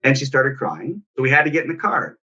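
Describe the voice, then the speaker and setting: Earnest bright-voiced man telling a story. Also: mid-range voice, very animated, fast, slightly rough, muffled recording. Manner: earnest, reflective storytelling with restarts. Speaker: parenting coach. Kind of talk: personal story in casual talk.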